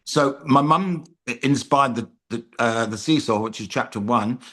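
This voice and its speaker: As a comedian guest on a podcast, a British man chats casually and spins anecdotes with self-deprecating jokes and frequent ums. His middle-pitched voice is a bit bright and moves at a normal speed.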